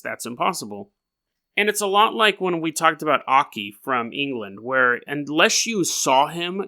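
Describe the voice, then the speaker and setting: A man's voice: mid-range voice, bright, forceful tone. A young adult man hosting a podcast, telling a story casually with rambling, jokey asides. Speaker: podcast host.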